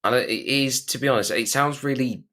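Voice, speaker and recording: A man's voice: medium pitch, normal speed, bright, forceful tone. A man co-hosting a casual film podcast, rambling with many fillers and acting out film lines. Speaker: podcast co-host.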